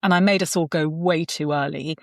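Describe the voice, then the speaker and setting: A woman's voice: low-pitched, fairly even intonation, brisk, gravelly, dry recording, studio quality. A middle-aged woman, a podcast guest telling candid, self-mocking stories about family life in casual conversation. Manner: candid, self-mocking storytelling with quoted voices.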